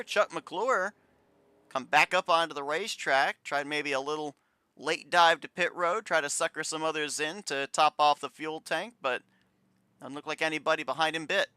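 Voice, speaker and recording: Bright, dry-voiced male racing commentator. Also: on the high side, clean tone, no room sound. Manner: steady, explanatory, walks through replays. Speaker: play-by-play commentator.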